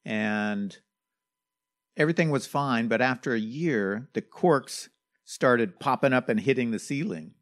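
A man's voice: medium pitch, measured pace. A man co-hosting a podcast, chatting casually and checking facts with his partner. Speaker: podcast co-host. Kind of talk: casual beer chat.

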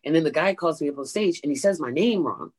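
A woman comedian being interviewed, telling a story in an animated way and acting out quoted voices with big pitch jumps. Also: fast talker. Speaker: stand-up comedian, guest.

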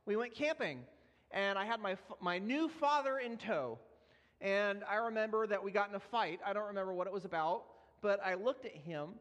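A man's voice: high voice, fairly bright tone. A young man preaching a sermon and telling his own story earnestly, now and then laughing at himself. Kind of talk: sermon with personal testimony. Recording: long reverb of a large hall.

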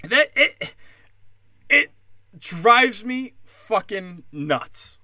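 A man's voice: high-pitched, sing-song, drawn-out words, pushed and bright, no echo, clean studio sound. A man with a New York accent, a stand-up comic, ranting profanely and aggressively on his late-night podcast. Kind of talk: angry podcast rant.

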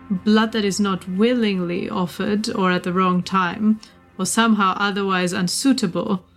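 A woman narrating as game master of a tabletop horror game in a measured, descriptive way. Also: medium pitch.

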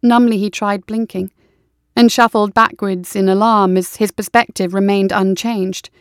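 A woman narrates an audiobook, telling the story in a steady, even way. Her voice is medium-pitched and moderately paced. The recording is dry, with clean studio sound.

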